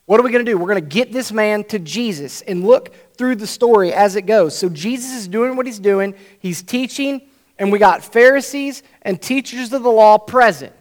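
Male preacher with a high voice, animated storytelling sermon that acts out each scene.

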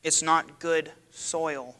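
A man preaching a sermon to his church, dramatic and building to loud cries. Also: a little high, steady tone, drawn-out words, clean tone. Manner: dramatic, rising to loud cries when quoting. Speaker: pastor.

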